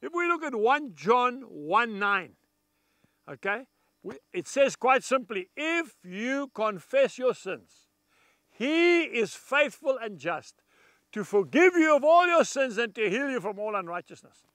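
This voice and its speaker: A man's voice: extremely high pitch, sing-song, measured pace, fairly bright tone, dry recording, clean studio sound. A man preaching a televised gospel message, talking to viewers in an earnest, folksy and emphatic way.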